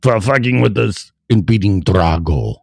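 A man's voice: lowish voice, lively intonation, a little slow, vocal fry, darkish tone, breathy edge, no echo, clean studio sound, voice pushed up, exaggerated voice. A man putting on a cold, threatening Russian comrade with a mock Russian accent. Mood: menacing.

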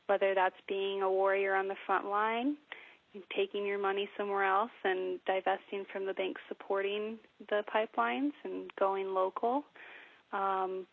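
A woman's voice: medium pitch, gravelly, phone-quality sound. A woman guest on an interview show, talking in a thoughtful way and laughing often. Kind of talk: casual interview.

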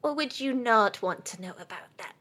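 A woman's voice: on the high side, animated, moderate pace, bright, forceful tone. A woman playing a tabletop role-playing game in character, talking casually with hesitant, stammering restarts.

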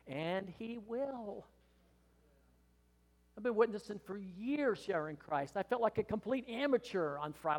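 Older pastor preaching in a reverberant hall. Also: male voice, high-pitched, animated, normal speed, vocal fry. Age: 60s. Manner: earnest, emphatic, rising to impassioned pleading. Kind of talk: sermon. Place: church hall.

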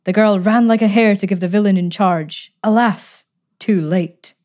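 A woman reading a storybook, voicing a charming, playful gentleman who speaks in a breezy, teasing, pleasant way. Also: medium pitch, normal speed, lightly acted. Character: charming, playful gentleman adventurer, adult man.

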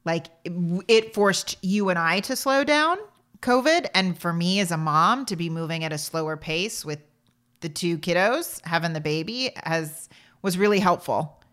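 Chatty mom laughing through stories. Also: female voice, on the low side, lively intonation, moderate pace, a bit bright. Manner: chatty, laughing storyteller with many fillers. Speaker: podcast co-host. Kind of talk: casual chat.

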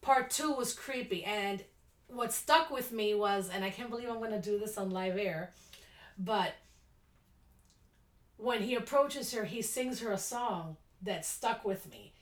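A woman's voice: mid-range voice, unhurried, echoey room. A woman co-hosting a podcast, chatting casually and rambling through stories while often laughing. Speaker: podcast co-host. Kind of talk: casual chat.

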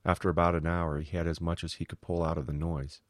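Very deep-voiced male audiobook narrator. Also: level tone, fast talker, no echo, studio quality. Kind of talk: scripted narration.

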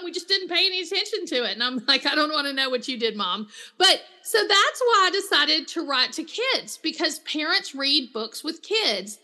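A middle-aged woman, a counselor and author, chatting as an interview guest and telling stories with lively quoted voices. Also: high-pitched. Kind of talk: casual interview chat.

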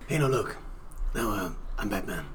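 A man's voice: fairly low pitch, animated, moderate pace, a bit bright, slight background noise. A man playing a tabletop role-playing game, joking and playful as he talks. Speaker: player. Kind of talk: tabletop role-play banter.

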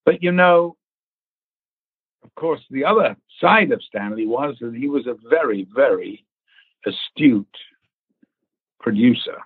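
A man from England recounts film-set anecdotes in a relaxed interview and briefly mimics the people he quotes. His voice is husky and sits in a middle register. The sound is thin and phone-like, with no room around it. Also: medium pitch, unhurried, long pauses, no room sound. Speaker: actor guest. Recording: tinny phone-like line.

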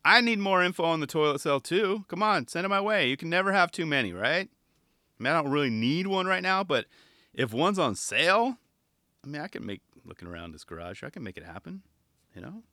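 A slightly high, bright, forceful male voice, fairly quick and swinging widely in pitch, carries this laid-back garage podcast reacting to a skate video. The host rambles on and mimics what people said. Captured with a studio mic, clean, with no room sound.

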